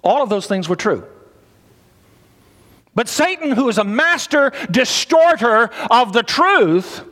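A man with a high voice delivers an emphatic sermon. He leans on repeated phrases and prompts his listeners for responses. His words trail off into the long reverb of a large hall. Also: big pitch swings, slow pace, long pauses, a bit bright. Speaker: preacher.

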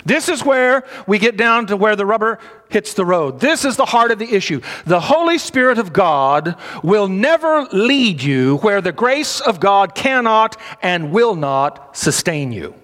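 A man's voice: high-pitched, sing-song, unhurried, a bit bright. A man preaching a sermon in an emphatic style, repeating phrases and prompting his listeners for responses. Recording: long reverb of a large hall.

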